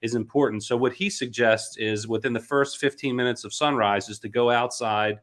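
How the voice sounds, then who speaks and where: Man explaining in a measured way. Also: medium pitch, fairly even intonation, fairly bright tone. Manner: explanatory, measured, with frequent ums. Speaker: interview host. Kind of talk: conversational interview.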